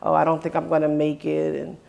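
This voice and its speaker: A man's voice: a little high, monotone, a little fast, creaky, a little mellow, highs cut off. A man hosting a conversation, earnestly telling a personal story in his own words and often quoting what others said to him. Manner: earnest, with many restarts and quoted dialogue. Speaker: host.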